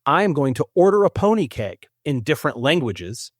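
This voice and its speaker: A man's voice: a little high, very animated, brisk, dry recording, clean studio sound. A man hosting a trivia quiz, playful and chatty as he explains facts. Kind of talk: casual game-show hosting.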